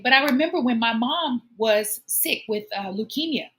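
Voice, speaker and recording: Woman talk show host, kinda high voice, earnest and encouraging, personal heartfelt talk. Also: slow. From Omaha, United States. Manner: earnest, encouraging, emotional at times.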